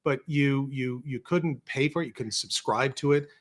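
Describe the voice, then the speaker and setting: A man's voice: medium pitch, normal speed. A man talking in a studio as a podcast guest. He tells long, winding stories, often stopping to restart a sentence and acting out what other people said. The delivery is loose and conversational. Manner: rambling anecdotes with restarts and quoted dialogue. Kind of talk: casual storytelling chat.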